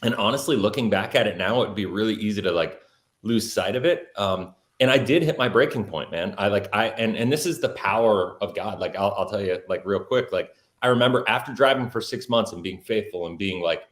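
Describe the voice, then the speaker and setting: Male guest, low voice, earnest storyteller, echoey room. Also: fairly quick, a bit bright. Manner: earnest, many fillers like "like". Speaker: podcast guest, entrepreneur. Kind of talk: personal storytelling in an interview.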